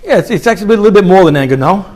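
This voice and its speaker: A man's voice: high voice, very fast. A middle-aged man giving a live motivational talk with a guided meditation, questioning the audience as he goes. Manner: animated, engages audience with questions. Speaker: motivational speaker. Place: conference hall.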